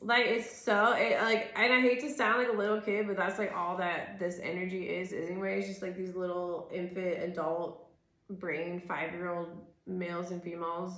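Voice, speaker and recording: Speaking at a normal pace, this woman has a fairly low, slightly bright voice that barely moves in pitch. She's a tarot reader in her thirties doing a casual reading in an echoey room, rambling and exasperated, cursing often, with "like" everywhere.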